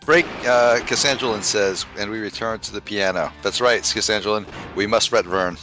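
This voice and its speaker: A man's voice: lowish voice, moderate pace, music in the background, low-quality recording. A man hosting a let's play, chatting casually with friends and riffing on jokes with a playful laugh. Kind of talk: casual group chat while gaming.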